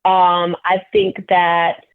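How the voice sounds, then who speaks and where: A woman comedian calling in as a guest, candidly telling animated stories about her work. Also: lowish voice, very slow, smooth. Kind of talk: phone interview storytelling. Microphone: telephone. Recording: tinny phone line.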